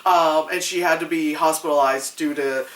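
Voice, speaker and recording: A woman reviewing a movie in casual chat, animated and laughing often, acting out other people's voices. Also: deep voice, moderate pace. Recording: echoey room, mic at a distance.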